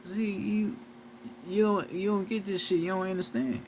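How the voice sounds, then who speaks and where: A man's voice: sits high, fairly even intonation, normal speed, slight background noise. Profane, preachy man lecturing viewers. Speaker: spiritual video creator.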